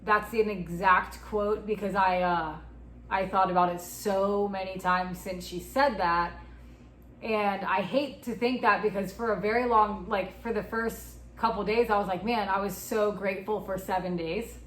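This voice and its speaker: A woman's voice: medium pitch, fairly even intonation, measured pace, a bit bright. A woman in her twenties recounts a personal experience candidly in an interview, acting out the dialogue as she goes. The room sounds echoey, with a faint hiss underneath. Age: 20s. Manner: candid, retelling with quoted dialogue. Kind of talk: personal story in a recorded interview.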